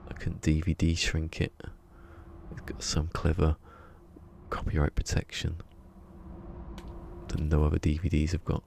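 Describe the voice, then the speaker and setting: A man's voice: rumbling low, completely flat delivery, unhurried, gravelly, long pauses, a little mellow, slight background noise. A man chatting casually while streaming a game, rambling and chuckling as he talks to himself. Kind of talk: casual gaming stream chat. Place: home room.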